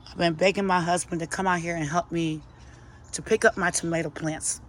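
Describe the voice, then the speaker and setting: A woman's voice: fairly low pitch, fairly even intonation, fairly quick, slight background noise. A middle-aged woman, chatting sassily to her plants and viewers while she walks through her outdoor garden on a phone camera. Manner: chatty, sassy, talks to herself and her plants. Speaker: gardening vlogger. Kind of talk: casual garden tour chat.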